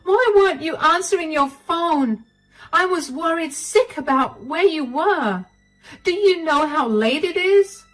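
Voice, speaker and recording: A frantic, wounded young wife pleading with her husband in a raised, strained voice, played by a woman narrating the story. Her pitch climbs well above an ordinary speaking voice. Faint music plays underneath. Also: expressive, measured pace. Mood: upset. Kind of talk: storytelling voice acting.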